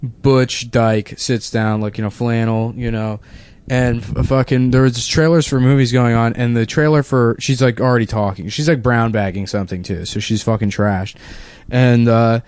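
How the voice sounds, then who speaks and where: A man's voice: mid-range voice, steady tone, moderate pace, few pauses, a little mellow, smooth, no room sound. A young man hosting a podcast, telling profane, rambling stories in casual chat. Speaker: podcast co-host.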